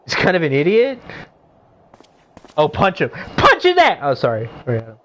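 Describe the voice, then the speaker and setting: A young man streaming a game, rambling through casual commentary with lots of swearing and excited outbursts. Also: on the high side, normal speed, rough recording.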